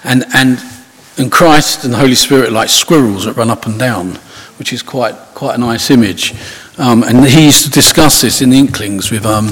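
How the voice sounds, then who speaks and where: Husky-voiced man preaching in an echoing hall. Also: mid-range voice, normal speed, fairly bright tone. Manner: conversational, rambling with many restarts and asides. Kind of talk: informal sermon. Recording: husky voice in long hall reverb.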